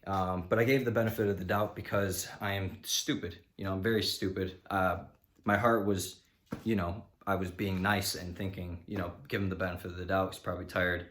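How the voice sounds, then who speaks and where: A man vlogger tells a story in a loose, rambling way, with lots of "you know" and restarts. His voice sits on the low side, and a frustrated edge runs through his telling. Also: fairly even intonation, brisk, fairly bright tone, a little hiss or hum. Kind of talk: casual storytelling.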